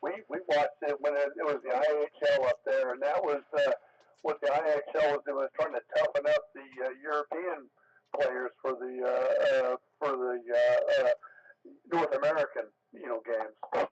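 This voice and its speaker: A man chatting casually on a ham radio net, halting often with fillers. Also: mid-range voice, steady tone. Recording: muffled radio audio.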